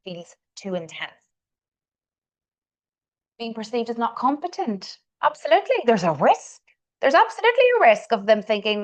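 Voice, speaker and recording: A woman's voice: a little high, big pitch swings, normal speed, pauses often. Northern Irish woman coaching. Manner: encouraging, repeats words for emphasis. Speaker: communication coach. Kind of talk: live coaching session.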